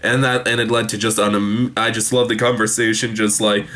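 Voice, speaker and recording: A young man reviewing a TV show casually recaps an episode, rambling with plenty of fillers and restarts and quoting characters in quick voices. His voice is fairly low and level in tone, with a pushed, bright quality.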